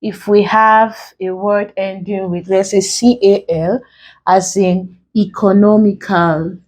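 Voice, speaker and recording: A woman teacher with a Nigerian accent, speaking very slowly and deliberately. She spells out letters one by one in an exam-prep lesson, and her voice sits at an ordinary middle pitch. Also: fairly even intonation, darkish tone, low-quality recording.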